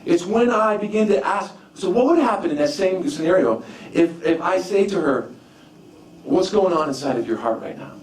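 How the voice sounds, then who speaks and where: Picked up from a distance in a reverberant church sanctuary, with slight background noise, a pastor tells personal stories during an informal sermon, restarting and repeating phrases as he goes. His high-sitting voice is expressive and moves at an ordinary speed.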